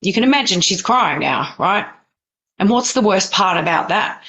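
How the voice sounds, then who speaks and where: A woman's voice: medium pitch, animated, moderate pace, a bit bright. A middle-aged woman teaching practitioners in a blunt, no-nonsense, conversational way during a training session. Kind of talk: recorded training session for students.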